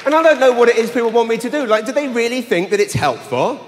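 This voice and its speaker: A male stand-up comic with a high voice talks fast on a large arena stage, telling stories animatedly with bursts of shouting. The live arena recording carries a long reverb.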